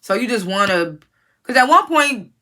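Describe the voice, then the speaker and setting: Blunt, bright-voiced woman reviewing reality TV. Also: a little high, very animated, moderate pace. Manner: blunt, profane, opinionated; talks straight to the people she reviews. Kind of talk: casual recap commentary.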